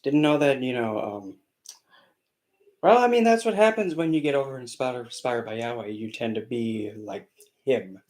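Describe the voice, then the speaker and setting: A man's voice: medium pitch, expressive, moderate pace, a little mellow, poor audio. A man channeling a spirit on a live stream, talking in a sassy, scolding way and calling listeners honey.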